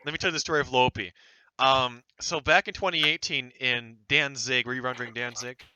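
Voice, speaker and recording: A young man in his late teens telling stories in casual podcast chat, animated and laughing, acting out others' lines mockingly. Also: mid-range voice, a little fast, clean tone, no echo, low-quality recording. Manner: laughing, animated storytelling with mocking quoted voices.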